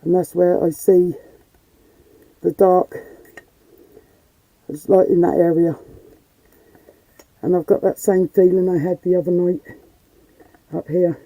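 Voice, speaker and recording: Dark-voiced woman, chatty live stream. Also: lowish voice, flat delivery, slow pace, pauses often, low-quality recording. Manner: chatty, blunt, swears casually. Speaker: paranormal investigator streaming live. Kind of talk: live casual stream commentary. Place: attic loft of an old house.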